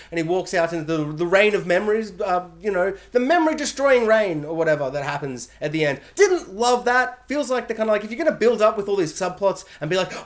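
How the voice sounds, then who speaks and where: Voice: mid-range voice, a little fast, hardly any pauses. A film reviewer talking through a spoiler review in a rambling, chatty way, often breaking into silly voices to act out scenes. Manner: animated, acts out scenes in silly quoted voices; rambling, chatty, many fillers. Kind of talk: casual spoiler review monologue.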